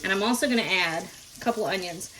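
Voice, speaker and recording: A woman's voice: mid-range voice, quick pace, very noisy. A middle-aged woman, hosting a casual home cooking demonstration in her kitchen and chatting folksily straight to her viewers. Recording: kitchen sizzle and clatter behind voice.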